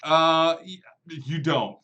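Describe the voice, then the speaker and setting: A man's voice: on the high side, fairly even intonation, extremely slow, pushed and bright, highs cut off, slight background noise. A man narrating as game master of a tabletop role-playing game, talking casually with many fillers and lightly voicing the characters he plays.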